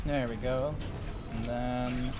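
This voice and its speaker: A man's voice: mid-range voice, fairly even intonation, takes it slowly. A man streaming a game, chatting casually in a rambling way. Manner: rambling, many fillers and restarts. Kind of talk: casual chat while gaming. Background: background music.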